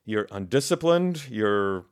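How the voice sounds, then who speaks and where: A man's voice: lowish voice, animated, slow, clean tone. A man co-hosting a podcast and trading dry, teasing banter. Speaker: podcast co-host. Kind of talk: casual podcast chat.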